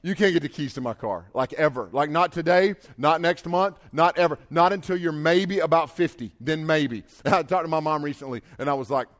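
A middle-aged man, preaching an animated sermon to a conference crowd, mixing casual asides with shouted dramatic lines. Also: a little high, a little fast, hardly any pauses.

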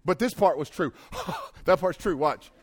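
A middle-aged preacher with a rather high voice delivers a sermon. He talks casually with lots of "like," then bursts into loud, dramatic lines before dropping back to a low, confiding tone. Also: a little slow, husky. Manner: animated, shouting dramatic quotes, conversational asides.

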